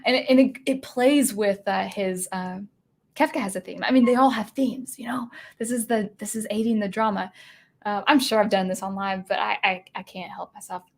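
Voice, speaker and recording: A woman's voice: medium pitch, fairly even intonation, normal speed, gravelly. Chatty, rambling woman livestreamer. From Washington state. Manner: rambling, chatty, full of fillers and restarts. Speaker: livestream host. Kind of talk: casual livestream chat.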